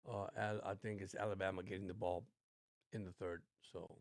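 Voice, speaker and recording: A man's voice: deep voice, flat delivery, fairly quick, no echo, studio quality. A man hosting a casual sports watch-along livestream, chatting in a rambling, laid-back way. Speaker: livestream host.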